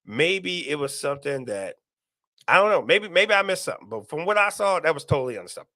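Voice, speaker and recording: A man's voice: a little high, very animated, quick pace, bright, forceful tone, no room sound, clean studio sound. A man hosting a casual live stream, talking to viewers and reading their comments aloud, repeating himself often. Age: adult, parent.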